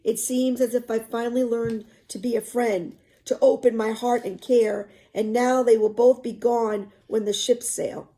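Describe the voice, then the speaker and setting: A woman reading a novel aloud, pausing to explain passages in softer asides. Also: a little high, level tone, poor audio.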